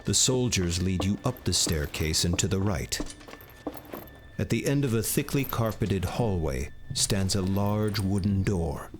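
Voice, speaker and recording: A man giving measured second-person scripted narration for a game. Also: deep voice, expressive, soft background music.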